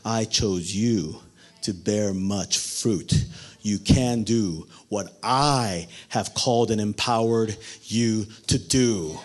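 Slow-spoken male preacher. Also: fairly low pitch. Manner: dramatic, acts out quotes, asks the congregation questions. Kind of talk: sermon.

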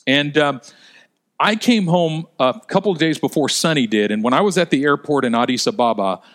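A male preacher delivering a sermon in a storytelling way, with a slightly high voice. He slows down to stress his points and paces his stories with care. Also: animated, a bit bright. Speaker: pastor.

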